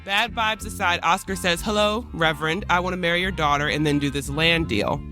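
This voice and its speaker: A man's voice: a little high, brisk, over music. A man hosting a podcast, retelling a historical story in casual modern slang and briefly acting out the people in it. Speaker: podcast host.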